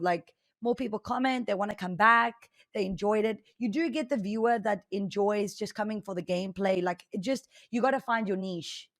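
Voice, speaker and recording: Chatty woman with a South African-Australian accent. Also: dry recording. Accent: South African mixed with Australian. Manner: chatty, high energy, animated storytelling. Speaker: podcast guest, game streamer. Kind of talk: casual interview talk.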